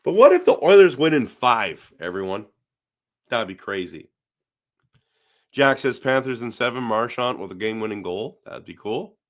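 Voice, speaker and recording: A man's voice: mid-range voice, lively intonation, normal speed. Middle-aged canadian guy running a hockey live stream, chatty, reads out comments and riffs on them. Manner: reads viewer comments aloud and responds chattily. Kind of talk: casual live-stream chat.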